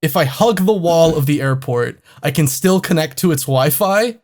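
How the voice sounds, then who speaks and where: A man with a slightly high voice tells a long, rambling travel story. He swears casually and sounds exasperated by each new mishap. It has the loose, conversational feel of a comedy podcast. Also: expressive, normal speed, darkish tone. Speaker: podcast co-host.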